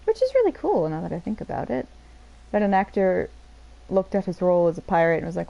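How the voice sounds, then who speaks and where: A woman giving rambling, chatty let's-play commentary over a game, quick to laugh. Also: on the low side, huge pitch swings, vocal fry, mellow, lo-fi sound. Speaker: streamer playing a game.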